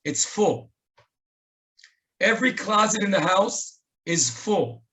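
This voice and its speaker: Bright, high-voiced Israeli man telling stories. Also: lively intonation, slow pace. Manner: earnest, telling stories with quoted dialogue. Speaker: speaker at a remembrance webinar. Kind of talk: storytelling tribute. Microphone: webinar microphone.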